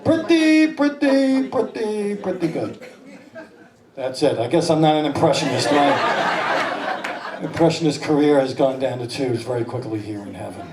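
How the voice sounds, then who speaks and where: A man's voice: medium pitch, normal speed. A man in his fifties doing stand-up comedy and slipping into exaggerated voices. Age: 50s. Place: small comedy club stage. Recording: echoey club from a distance, laughing crowd. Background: audience laughter.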